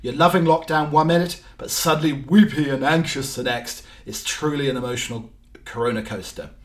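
A man's voice: a little high, fairly quick. Rambling jokey man, roomy sound. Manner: rambling, jokey, many ums and restarts. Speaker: podcast host. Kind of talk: casual solo show chat. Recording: roomy, distant mic, faint music.

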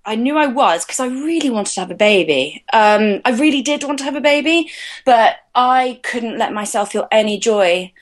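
A woman's voice: fairly high pitch, expressive, moderate pace. A woman in her thirties, a podcast guest, telling a personal story candidly in a chatty, hesitant way. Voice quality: chatty, hesitant, many fillers and restarts.

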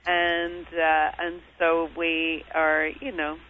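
A middle-aged woman from Northern Ireland with a softened Northern Irish accent, chatting as an interview guest with many fillers. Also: low-pitched, completely flat delivery, takes it slowly, slight background noise. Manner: warm and chatty, with frequent fillers. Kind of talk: interview on a phone line. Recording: tinny phone line.

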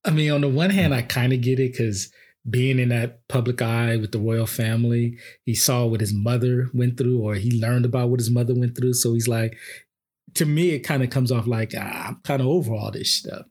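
A man's voice: mid-range voice, steady tone, normal speed, mellow. A man co-hosting a podcast, talking in a loose, mocking way and quoting others in exaggerated voices. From Los Angeles. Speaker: podcast co-host. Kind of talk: casual chat.

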